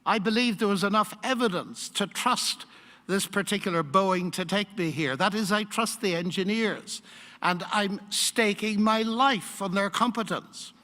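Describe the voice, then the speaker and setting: An older man giving a public lecture in a university hall, measured and emphatic, posing rhetorical questions. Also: sits high, bright, forceful tone. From United Kingdom. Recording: long hall reverb.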